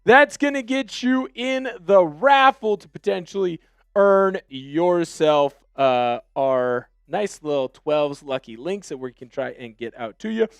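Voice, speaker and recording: A young man hosts a live sports stream with hyped, energetic delivery, calling out viewers by name. His voice sits high and sounds smooth and clear. The recording is dry and close, with little room sound. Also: unhurried, no echo. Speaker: sports show host.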